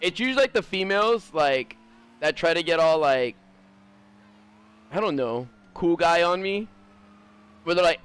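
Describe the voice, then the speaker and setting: A man's voice: on the high side, animated, normal speed, long pauses, fairly bright tone, clean tone. A young man streaming, talking casually in a blunt, profane, rambling way full of fillers. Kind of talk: casual livestream chat.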